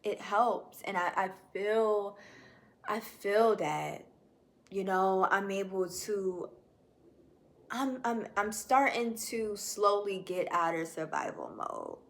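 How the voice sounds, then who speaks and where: Young woman, video journal, slow unhurried talk, mid-pitched voice, casual and heartfelt, calls her viewers y'all. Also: sing-song, a bit bright. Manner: casual with many fillers.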